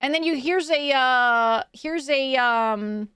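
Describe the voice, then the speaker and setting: A woman's voice: sits high, slow, fairly bright tone, clear, resonant tone, dry recording. Brief: casual woman streamer, laughs a lot, swears freely, dry desk mic.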